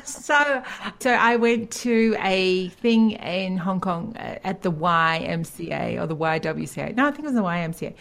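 A woman's voice: fairly low pitch, lively intonation, moderate pace, fairly bright tone. A woman from Australia co-hosting a podcast, chatting casually and laughing easily. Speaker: podcast co-host. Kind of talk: casual chat.

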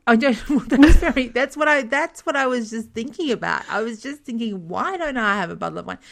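A middle-aged woman co-hosting a casual chat, telling stories with frequent laughter and lively retold dialogue. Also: on the high side, brisk, vocal fry. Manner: chatty, laughs often, retells dialogue animatedly. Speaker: podcast co-host.

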